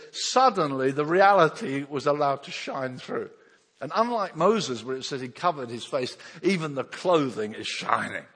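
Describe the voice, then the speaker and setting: Lively preacher. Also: male voice, a little high. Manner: animated, acts out Bible voices, chuckles often. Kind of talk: sermon. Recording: long hall reverb.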